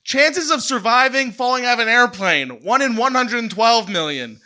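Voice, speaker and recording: Bright, high-voiced male comedian ranting. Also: animated, normal speed. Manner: mock-outraged ranting, then exaggerated groveling. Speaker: comedian contestant. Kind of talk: comic debate speech. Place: theater stage before a studio audience. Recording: live stage recording with audience noise.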